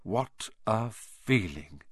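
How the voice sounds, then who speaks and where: A man narrating a children's fantasy novel in an expressive storytelling manner. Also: on the low side, drawn-out words, husky, no echo, clean studio sound. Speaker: audiobook narrator.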